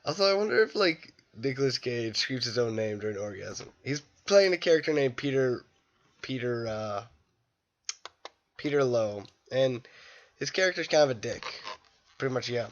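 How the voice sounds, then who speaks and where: A tired young man rambling through a casual, irreverent movie review late at night, breaking into loud bursts when quoting scenes. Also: mid-range voice, expressive, normal speed, long pauses. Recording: dull lo-fi home recording.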